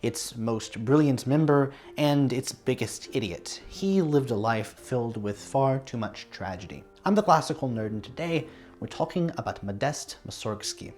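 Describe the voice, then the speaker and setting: A man's voice: mid-range voice, expressive, normal speed, a little mellow. A man hosting a music history lesson, reading a scripted narration with dry, wry asides. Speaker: music history video host.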